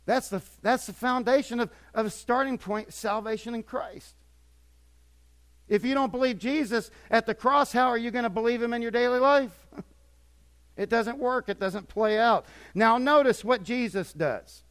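High-voiced older pastor preaching. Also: male voice, moderate pace. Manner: swings between quiet and emphatic, repeats words for effect. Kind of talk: sermon.

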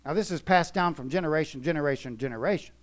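A man preaching a sermon in a church, emphatic, swinging from soft to loud. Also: on the high side, fast. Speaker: pastor.

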